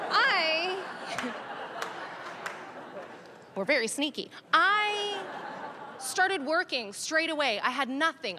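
A woman comedian performs a stand-up set on stage into a handheld mic. Her voice sits high and bright, and it swings widely. She talks in a sardonic, animated way and laughs through her punchlines. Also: a little hiss or hum. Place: comedy stage with live audience.

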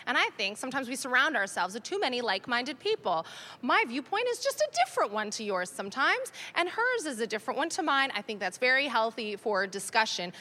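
A woman doing stand-up comedy on stage, talking in an animated, sardonic way and laughing through her punchlines. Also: a little high. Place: comedy stage with live audience.

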